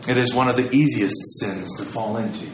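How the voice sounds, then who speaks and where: A man's voice: fairly low pitch, moderate pace, echoey room, background noise. A man giving a sermon in a conversational, storytelling way, acting out the quotes he tells. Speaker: preacher.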